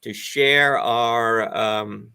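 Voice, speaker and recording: A man's voice: medium pitch, fairly even intonation, extremely slow, creaky, sharp tone, clear, resonant tone. A man in his fifties, a guest on a live stream chat, talking casually and enthusiastically in a rambling way over a video call.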